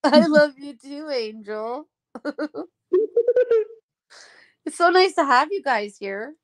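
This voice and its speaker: A woman's voice: sits high, expressive, slow pace. A woman hosting a casual live stream, chatting affectionately with friends and laughing often.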